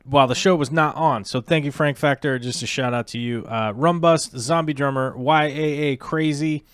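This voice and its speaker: A man of middle pitch hosting a laid-back livestream, rambling through his thoughts with frequent ums and restarts. The sound is dry and close, with no room echo. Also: normal speed, a bit bright, clean tone. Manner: rambling, many fillers and restarts. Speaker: aquarium livestream host. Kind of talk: casual livestream chat.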